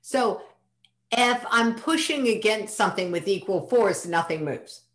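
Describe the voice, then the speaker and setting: Woman host, animated up-and-down delivery, playful interviewer, echoey room. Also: medium pitch. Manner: playful, quick reactions and questions. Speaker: podcast host. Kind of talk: casual podcast interview.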